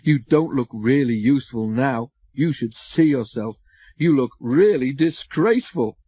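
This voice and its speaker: A man's voice: mid-range voice, lively intonation, measured pace, mellow, breathy edge, no echo, studio quality. A man voicing a cheeky, playful male tank engine who teases his friend, in a storybook reading. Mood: teasing. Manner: teasing and mischievous.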